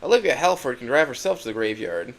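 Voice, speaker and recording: A man's voice: medium pitch, very animated, quick pace. A man narrating a first-person dramatic story, emotional and swinging from hurt to angry outbursts.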